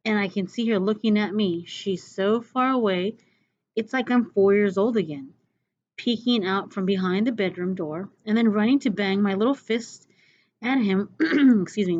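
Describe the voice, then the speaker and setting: A woman reading a novel aloud chapter by chapter, with expressive, dramatic delivery. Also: mid-range voice, lo-fi sound. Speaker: reader.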